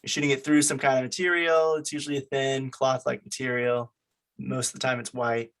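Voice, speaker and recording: A young man leads a study group over a video call and asks them quiz questions. His voice is mid-pitched, and he sounds encouraging and plain. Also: flat delivery, fairly quick, a bit bright. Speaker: meeting leader.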